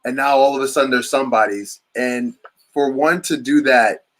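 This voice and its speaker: A man's voice: medium pitch, normal speed, a bit bright. A man hosting a casual chat, talking in long rambling runs with many restarts. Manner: rambling, restarts often, enthusiastic. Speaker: podcast host.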